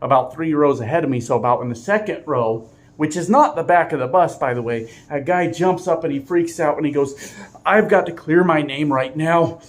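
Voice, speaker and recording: A middle-aged man, a truck driver, casually telling a story to his viewers with animated chuckles. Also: a little high, a little fast.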